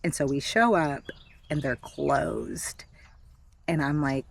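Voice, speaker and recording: A woman in her thirties telling a personal story in a candid, chatty way, with frequent fillers and soft laughs. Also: low voice, slow, vocal fry. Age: 30s. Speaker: vlogger. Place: backyard with chickens.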